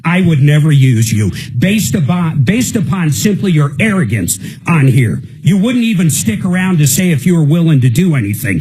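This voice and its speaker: A man's voice: a little high, sing-song, moderate pace, hardly any pauses, a little mellow, slightly rough, low-quality recording. A male radio host on a live consumer call-in show, talking in a fired-up, indignant rant. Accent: American.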